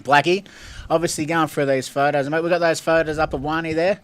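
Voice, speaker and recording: A man's voice: on the high side, fairly even intonation, a little fast, slight background noise. A man with an Australian accent hosting a casual chat, easygoing and backing guests with "mate" and "yeah". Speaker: host.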